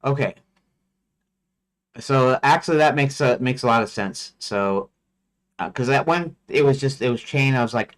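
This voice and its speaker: A game developer on a livestream thinks aloud while reading his story notes, hesitant and self-questioning, full of fillers and restarts. He talks at normal speed in a mid-range voice, leaving long pauses.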